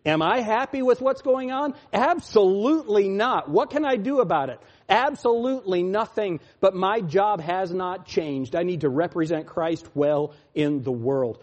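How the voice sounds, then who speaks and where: A man preaching a sermon as pastor, mocking, jumping from loud laughing shouts down to low muttering. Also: expressive, normal speed, hardly any pauses.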